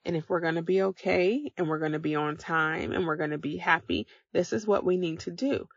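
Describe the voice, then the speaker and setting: Gravelly-voiced woman coaching podcast listeners. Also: fairly low pitch, fairly quick, dry recording, dull audio. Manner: encouraging, coaching listeners directly. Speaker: podcast host. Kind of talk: motivational podcast talk.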